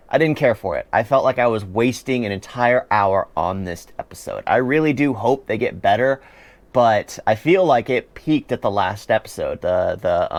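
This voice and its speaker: A man's voice: mid-range voice, dry recording. A man giving a chatty, opinionated spoken review of a series, often laughing as he talks.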